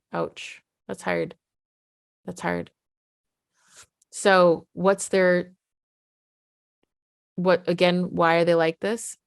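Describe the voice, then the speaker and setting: A woman's voice: on the low side, dry recording, studio quality. A middle-aged woman, a parenting coach, explaining earnestly in a conversational way. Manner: earnest, conversational, often acts out quoted voices. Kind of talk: explanatory talk to camera.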